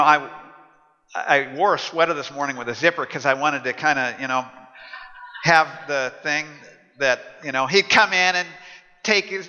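A man's voice: fairly high pitch, sharp tone. A man, a pastor, giving a casual storytelling sermon full of fillers. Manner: conversational storytelling with frequent fillers. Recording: muffled sound in a large echoing hall.

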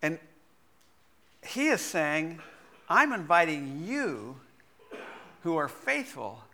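A middle-aged man, a pastor, preaching a sermon and telling a personal story in a lively way, laughing often. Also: on the high side, takes it slowly.

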